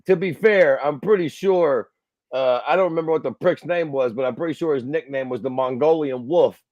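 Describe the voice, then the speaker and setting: A man's voice: a little high, a little fast, darkish tone, dry recording, lo-fi sound. A man co-hosting a casual podcast, talking bluntly with a lot of swearing and crude jokes. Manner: blunt, profane and crudely joking. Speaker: podcast co-host.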